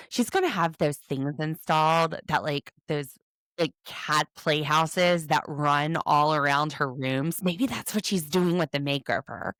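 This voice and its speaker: A woman's voice: low voice, smooth, no echo. A woman co-hosting a podcast, chatting casually with sarcastic jokes and frequent laughs. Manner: animated, sarcastic, laughs often. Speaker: podcast co-host. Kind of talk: casual recap chat.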